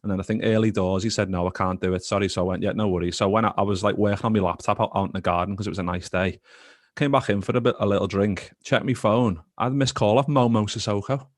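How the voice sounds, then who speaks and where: A man's voice: on the low side, fast talker, no room sound, studio quality. A man co-hosting a football podcast, telling stories in casual chat and acting out the voices he quotes. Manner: animated storyteller, acts out quoted voices. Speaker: podcast co-host.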